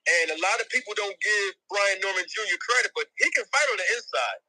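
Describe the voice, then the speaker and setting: A man's voice: sits high, expressive, brisk, bright, forceful tone, no room sound, poor audio. A man, a boxing manager, talking emphatically in a podcast discussion.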